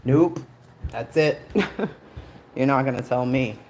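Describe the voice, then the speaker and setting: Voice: mid-range voice, slow, very noisy. A livestream host in casual commentary, snarky and profane, laughing often.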